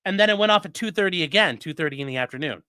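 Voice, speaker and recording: A man in his late thirties telling a story in a casual, animated and profane way as the host of a livestream, full of gun jargon. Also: high voice, racing, clear, resonant tone, no room sound. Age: late 30s.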